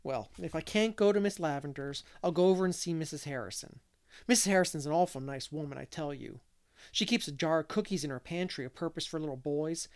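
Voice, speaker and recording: A man doing a chatty, curious little boy. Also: a little high. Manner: rambling, eager, questioning.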